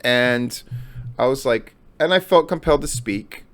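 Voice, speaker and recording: A man's voice: mid-range voice, lively intonation, unhurried, fairly bright tone. A middle-aged man giving a blunt, profane solo commentary on wrestling news, repeating his points for emphasis. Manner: blunt and profane, heavy swearing.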